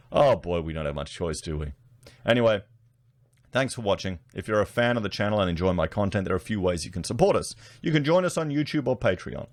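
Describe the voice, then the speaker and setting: A man's voice: mid-range voice, no echo, studio quality. A man with an Australian accent giving blunt, casual commentary to his online viewers, often calling them guys. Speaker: political commentary YouTuber.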